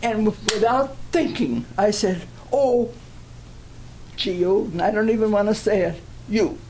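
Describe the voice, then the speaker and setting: An older woman giving a personal testimony at a church gathering, telling her story in an earnest, deliberate way. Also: medium pitch, a little mellow, slight background noise, poor audio.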